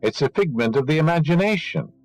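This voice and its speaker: A man's voice: fairly high pitch, lively intonation, brisk, vocal fry, darkish tone, soft background music, rough recording. A man delivering a spiritual lecture, emphatic and teaching, scornful of superstition and fond of rhetorical questions. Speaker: inspirational lecturer.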